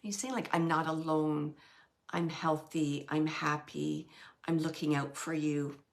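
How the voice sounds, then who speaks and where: A woman working as a medium, relaying messages in a soft, halting way that sometimes drops to a whisper. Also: deep voice, fairly even intonation, vocal fry. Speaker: medium giving readings. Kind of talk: live mediumship reading.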